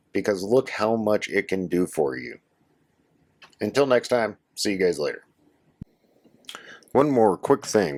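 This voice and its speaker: A man with a hoarse voice from a cold, casually walking viewers through a software setup as a tutorial host. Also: sits low. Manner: casual, instructive, addresses viewers as guys. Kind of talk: screen-share tutorial walkthrough.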